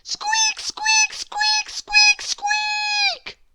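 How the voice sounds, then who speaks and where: A woman voicing a tiny, frantic young male mouse in a storybook, squeaking in a very high voice with an anxious, urgent manner. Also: monotone, extremely slow, over loud music, heavily acted. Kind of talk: storybook read-aloud.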